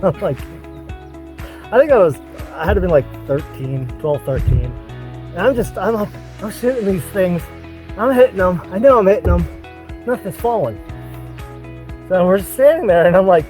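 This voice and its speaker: A man telling a childhood hunting story in a casual, animated way, laughing often between lines. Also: a little high, moderate pace, pauses often, soft background music. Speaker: overland vlogger.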